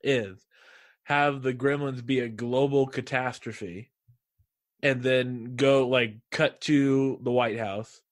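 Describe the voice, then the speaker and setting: A man co-hosting a pop-culture podcast, animated and playful as he riffs on movies and cartoons. His voice sits in an ordinary middle pitch, chatty and quick to joke. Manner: animated, jokey, slips into silly voices. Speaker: podcast co-host. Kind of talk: casual chat.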